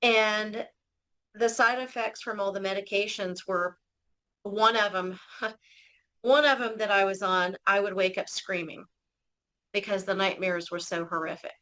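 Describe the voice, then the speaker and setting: A woman's voice: mid-range voice, steady tone, a little slow, long pauses, sharp tone, poor audio. A woman telling her personal story as an interview guest, earnest and emotional, often restarting her sentences.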